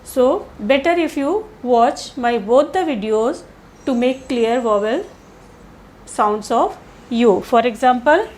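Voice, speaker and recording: Slow, careful woman teaching pronunciation. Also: on the high side, animated, darkish tone, slight background noise. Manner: slow, deliberate, spells out sounds with pauses and fillers. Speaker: English teacher. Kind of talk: pronunciation lesson.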